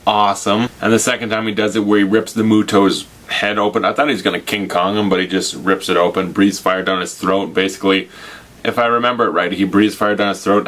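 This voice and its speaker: Man, very low voice, casual movie review, enthusiastic, gushing, rambling. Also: a bit bright. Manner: loose, rambling, with restarts. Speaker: film reviewer.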